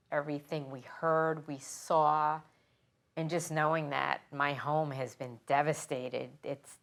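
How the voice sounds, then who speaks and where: A middle-aged woman firefighter from New York, recounting her memories in an earnest, emotional, halting way during an interview. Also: low voice, vocal fry. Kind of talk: interview, personal recollection.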